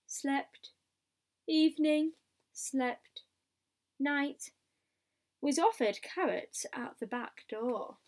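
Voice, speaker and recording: A woman reading a picture book aloud, in a steady diary style with asides to the listener. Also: on the high side. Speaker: storybook reader.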